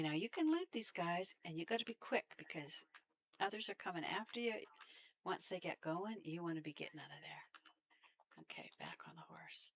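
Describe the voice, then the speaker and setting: Canadian woman streamer, low and gravelly, chatty commentary, laughs a lot. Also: a bit bright. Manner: chatty, laughs often, talks to enemies. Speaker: game streamer. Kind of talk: casual gameplay commentary.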